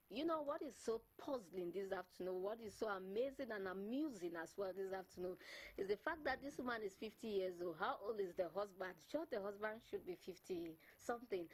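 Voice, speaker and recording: A woman hosting a talk show, animated and laughing often, stumbling and repeating words as she talks. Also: medium pitch, a little fast, slightly rough, low-quality recording. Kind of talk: bilingual talk show chat.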